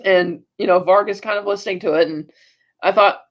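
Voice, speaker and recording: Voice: mid-range voice, fairly even intonation, fairly quick, highs cut off. A podcast co-host in a casual, rambling recap of a TV episode, acting out the characters' lines in quoted voices. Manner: rambling with frequent fillers and self-corrections.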